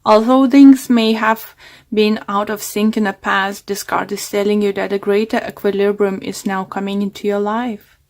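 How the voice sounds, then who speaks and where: Woman, tarot reader, fading hoarse voice, halting delivery, lots of ums. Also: medium pitch, fairly even intonation, a little mellow. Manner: hesitant, many fillers and restarts. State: losing her voice. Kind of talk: casual tarot reading monologue.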